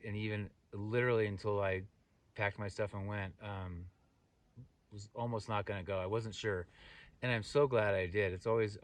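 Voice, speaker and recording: A man's voice: fairly low pitch, recorded from a distance, slight background noise. A middle-aged man telling a rambling story to his camera, full of fillers and restarts, as a hiking vlogger outdoors on a mountain trail. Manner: rambling, animated retelling with many fillers and restarts. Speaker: thru-hiker vlogger.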